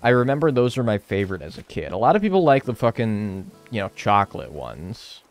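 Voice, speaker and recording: Young American male gaming streamer; bouncy, expressive delivery, casual swearing, cheeky banter. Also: on the low side, a little fast, faint music behind. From United States. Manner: animated, swears casually, playful banter and mock arguing. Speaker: game streamer. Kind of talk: casual chat while gaming, answering chat.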